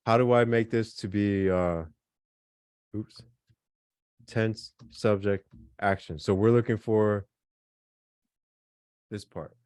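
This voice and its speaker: A man's voice: lowish voice, fairly even intonation, slow, long pauses, a little mellow, smooth, no room sound, clean studio sound. A man teaching a beginners' language class, explaining casually with lots of fillers and repeated examples. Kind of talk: online class lesson.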